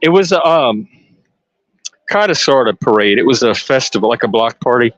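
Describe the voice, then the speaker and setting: A man, casually commenting on a parade live for listeners, excitable and chatty. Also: mid-range voice, moderate pace, dry recording, highs cut off. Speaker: live stream panelist. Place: outdoors at a street parade.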